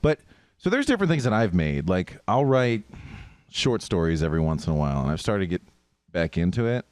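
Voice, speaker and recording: Speaking briskly in a deep voice, this man co-hosts a podcast, chatting casually and telling stories full of laughter. He's animated and laughs often, and the recording is dry.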